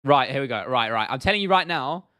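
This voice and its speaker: A man's voice: medium pitch, expressive, fast talker, sharp tone, slight background noise. A young man from the UK hosting a casual livestream Q&A, talking bluntly with plenty of slang and swearing and often restarting his sentences. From United Kingdom. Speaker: livestream host.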